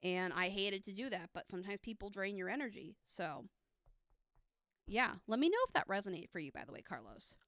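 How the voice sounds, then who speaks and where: A woman's voice: mid-range voice, expressive, brisk, a bit bright, no room sound. A woman giving a live tarot reading, chatty and upbeat, with lots of fillers, speaking close to a streaming mic.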